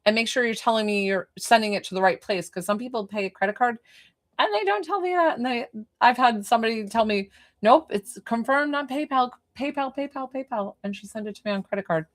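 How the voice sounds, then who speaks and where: A fast-talking woman with a fairly high voice does a live-streamed spiritual reading. Her style is chatty and informal, and she's easily pulled onto side matters.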